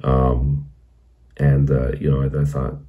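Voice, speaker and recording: A man's voice: a bass voice, monotone, slow pace, phone-quality sound. A man hosting his own channel, earnestly telling a meandering personal conversion story, heavy on "you know". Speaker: channel host.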